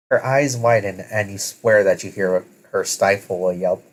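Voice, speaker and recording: Male story reader, lowish voice, casual, stops to fix his slips. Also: moderate pace, hardly any pauses, low-quality recording. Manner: self-correcting, casual. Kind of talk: second-person story narration.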